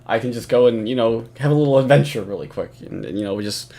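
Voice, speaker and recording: A man's voice: medium pitch, fast talker, warm tone. A man giving casual reaction commentary over footage, profane and mocking, often laughing.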